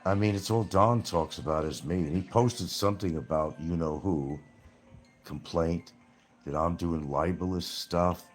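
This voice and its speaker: A man's voice: sits low, unhurried, soft background music. A man hosting his own livestream show, ranting at absent critics in a mocking, confrontational way, repeating his points and swearing freely.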